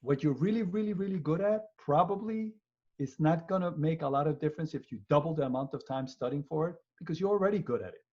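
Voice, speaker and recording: A man lectures over a video call with a husky, slightly raised voice. He is animated and joking, and he repeats himself as he acts out scenarios. The sound is somewhat muffled. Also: a little high, fast. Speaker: law professor. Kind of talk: lively webinar lecture. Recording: muffled webinar audio.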